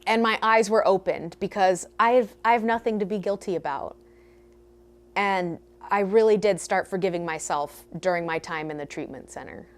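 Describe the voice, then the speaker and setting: A young woman tells her own story straight to camera, speaking candidly and now and then cracking self-mocking jokes. Her voice sits at an ordinary middle pitch. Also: moderate pace. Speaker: vlogger. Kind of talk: personal storytelling.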